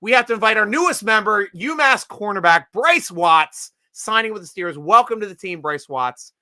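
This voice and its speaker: A man hosting a casual live draft stream, joking and excitable, laughing often. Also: high voice, moderate pace, no room sound, clean studio sound.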